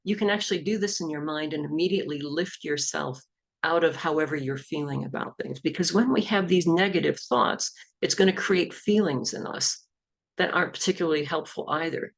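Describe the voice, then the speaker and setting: A woman's voice: low-pitched, a little fast, vocal fry. A middle-aged woman, an executive coach and hypnotherapist, explaining self-help techniques in an easygoing talk.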